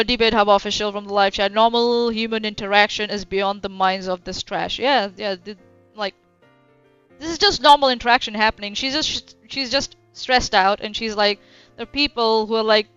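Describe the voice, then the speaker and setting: A woman's voice: medium pitch, fairly even intonation, moderate pace, a bit bright, clean tone, no room sound. A woman streaming casual reaction commentary, blunt and sarcastic, swearing freely. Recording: dull lo-fi stream audio with faint music.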